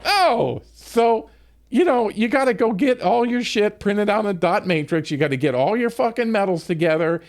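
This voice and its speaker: A man with a notably high-pitched voice spins a long, rambling yarn between moments of gameplay. He swears freely, trips over his own restarts and keeps breaking into laughter. He sounds middle-aged and casual, like a streamer chatting to his viewers. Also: animated, moderate pace. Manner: profane, rambling, laughs often. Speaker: game streamer. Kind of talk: casual storytelling during a game stream.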